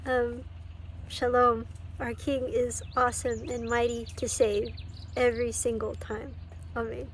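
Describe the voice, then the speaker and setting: A woman's voice: fairly high pitch, little pitch movement, unhurried, a little hiss or hum. A woman giving an emotional personal testimony on her vlog, tearful and laughing between words. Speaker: faith vlogger.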